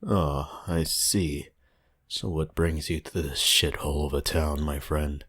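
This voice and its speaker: A man reading as a husky old villager with a thick Romanian accent, fearful and blunt, in a horror story reading. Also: rumbling low, fairly even intonation, unhurried, fairly bright tone, exaggerated voice.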